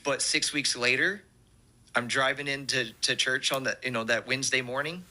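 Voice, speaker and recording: A man, a pastor telling an animated testimony story and acting out the quotes. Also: medium pitch, moderate pace.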